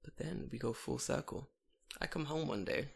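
A young man telling a long story in a casual chat, animated and full of swearing. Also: medium pitch, moderate pace, vocal fry, slightly rough.

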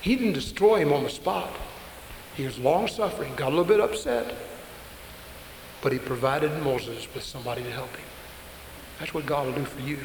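A man preaching a sermon to an audience, emphatic and slowing down to stress key points. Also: mid-range voice. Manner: emphatic, slows down for stress, breaks into acted quotes. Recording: echoey hall with faint hiss.

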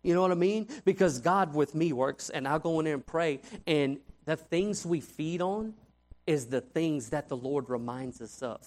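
A man's voice: fairly high pitch, normal speed. A man preaching a conversational sermon as a youth pastor, telling stories animatedly and asking "right?" often. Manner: animated storytelling, frequent "right?" asides.

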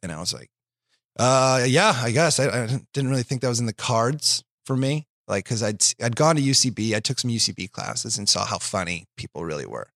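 A man's voice: fairly low pitch, lively intonation, a little fast, creaky, few pauses, fairly bright tone, dry recording, studio quality. A man in his thirties telling stories in a loose, profane, self-deprecating way as a guest on a chat show. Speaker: guest comedian. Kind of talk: casual storytelling chat.

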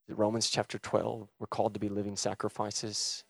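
A man preaching a sermon with passion, swinging from loud urgent calls to hushed, quiet retelling. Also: on the low side, fairly even intonation, brisk, creaky, no room sound, clean studio sound. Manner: impassioned, swings from shouting to hushed.

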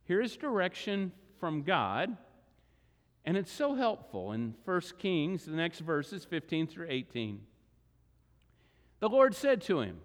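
A male pastor delivering a sermon, expressive and animated, acting out the words of scripture figures in a church sanctuary. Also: on the high side, slow. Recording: long reverb of a large hall.

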